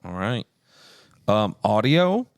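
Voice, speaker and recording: A man co-hosting a podcast in casual chat, rambling and self-deprecating, his voice going hoarse. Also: fairly low pitch, big pitch swings, slow pace, no room sound, studio quality. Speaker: podcast co-host. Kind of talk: casual chat, rating movies.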